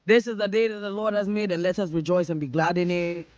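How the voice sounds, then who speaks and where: A woman's voice: fairly low pitch, level tone, quick pace, a little mellow, no echo, muffled recording. A woman radio host with a Ghanaian accent, chatting casually and playfully mimicking her friends' voices. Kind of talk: casual radio talk mixing English and Twi. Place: radio studio.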